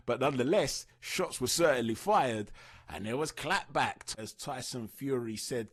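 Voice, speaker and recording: A man's voice: mid-range voice, moderate pace. A man hosting a channel, giving casual, opinionated boxing news commentary and asking viewers what they think. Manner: chatty, opinionated, asks viewers for their views.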